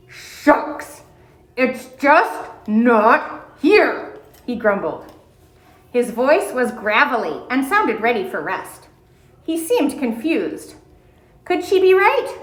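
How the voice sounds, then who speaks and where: A woman reading a children's storybook aloud in a gentle, expressive storytelling manner. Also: sits high, roomy sound, low-quality recording. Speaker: audiobook reader. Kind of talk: storybook read-aloud narration.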